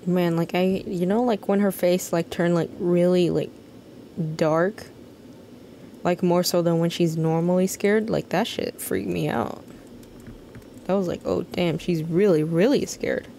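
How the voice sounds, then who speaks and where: In casual live-stream commentary, an American woman plays a game and talks to her chat, reading messages aloud, rambling and swearing without a second thought. Her lowish voice is gravelly and mellow, steady in tone and unhurried, with slight background noise behind it.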